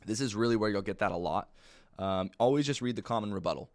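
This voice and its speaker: Low-voiced relaxed male sales trainer. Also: quick pace. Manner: relaxed, plain-spoken, many fillers. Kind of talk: casual training talk.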